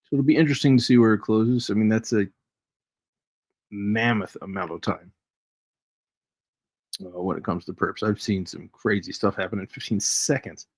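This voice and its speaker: A man's voice: on the low side, fairly even intonation, normal speed, pauses often, no echo. A man hosting a casual live trading stream, chatty and jokey, chuckling as he reads charts aloud. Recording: dry, dull lo-fi stream audio.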